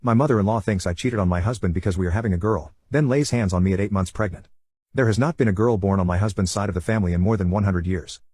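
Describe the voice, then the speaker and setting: A man narrating internet stories in a calm, scripted storytelling voice. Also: low voice, fast, breathy edge, dry recording.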